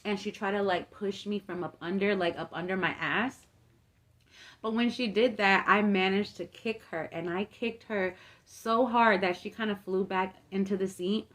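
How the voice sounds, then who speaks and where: A woman's voice: medium pitch, fairly even intonation, normal speed, fairly bright tone. A young woman vlogger telling a long story in a casual, chatty way, swearing freely and peppering it with fillers. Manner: chatty, profane, filler-heavy retelling.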